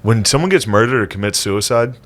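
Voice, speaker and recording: A man co-hosting a comedy podcast, trading jokes and quick punchlines in casual banter. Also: fairly low pitch, a bit bright. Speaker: podcast co-host.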